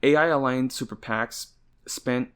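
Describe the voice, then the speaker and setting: Exasperated podcast host. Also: male voice, mid-range voice, steady tone, a little slow, fairly bright tone, smooth. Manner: casual and exasperated, swears a lot. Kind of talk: reading news and ranting commentary.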